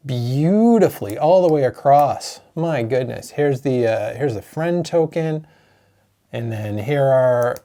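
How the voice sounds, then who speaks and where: A man, a board game designer chatting excitedly through an unboxing of his own game, openly emotional. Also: medium pitch. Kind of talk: unboxing vlog.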